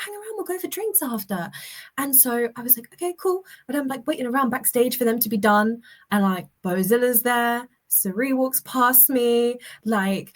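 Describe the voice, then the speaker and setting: A woman's voice: fairly high pitch, fairly bright tone. A woman telling stories as a guest in a casual chat, restarting sentences as she goes. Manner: chatty storyteller with many restarts.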